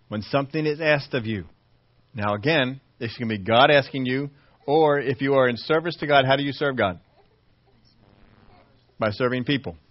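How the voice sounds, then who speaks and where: A man's voice: mid-range voice, no echo. Male pastor, sermon, rhetorical questions, dry muffled lo-fi recording. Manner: preaching with rhetorical questions to the congregation. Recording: dull, dry lo-fi sermon audio.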